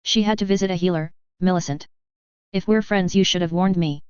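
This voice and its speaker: A woman's voice: lowish voice, fairly quick, darkish tone, clear, resonant tone, dry recording, lightly acted. A woman voicing a fierce young girl who warns with urgent intensity, in a dull, dry recording. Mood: skeptical. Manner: intense, near-shrieking warnings.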